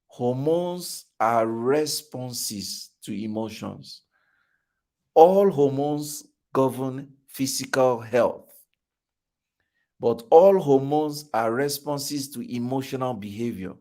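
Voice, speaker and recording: A man's voice: medium pitch, lively intonation, slow, mellow. A middle-aged man with a Nigerian accent giving a motivational talk at a fathers' conference, emphatic and repeating his key phrases like a preacher.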